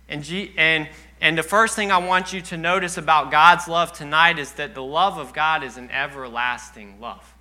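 Young man, church sermon, very bright sharp voice, slightly high pitch, earnest storytelling. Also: fairly even intonation, moderate pace, few pauses. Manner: earnest, personal storytelling, choked up at times. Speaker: preacher.

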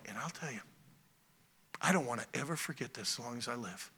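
A middle-aged man preaching a sermon in a church, swinging from loud exhorting to quiet storytelling. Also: mid-range voice, big pitch swings, a little fast, pauses often, husky.

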